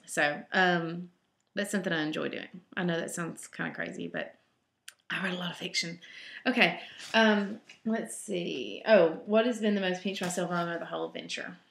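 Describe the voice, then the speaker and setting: A woman's voice: on the low side, fairly even intonation, normal speed, vocal fry, fairly bright tone. A woman with a Southern US accent, a home cook chatting loosely through reader questions, full of ums and side trips. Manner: chatty and rambling, with many ums. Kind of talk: casual question-and-answer vlog. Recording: roomy echo.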